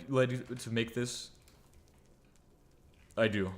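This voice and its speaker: A gaming video creator speaks slowly in an expressive mid-range voice, pausing often. His gameplay commentary is casual and full of jokes at his own expense, and he hums and mutters as he builds.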